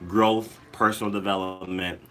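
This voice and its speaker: A man joining a casual live chat as the host's cousin, talking in a rambling, animated way with lots of fillers. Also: low voice, normal speed.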